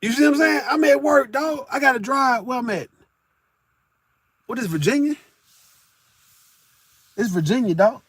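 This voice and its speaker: High-voiced man ranting loudly to his chat. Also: moderate pace, long pauses, husky, dry recording. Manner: profane, boisterous, often laughing. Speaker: live streamer talking to chat. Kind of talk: casual live-stream chat. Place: in a vehicle while driving for work.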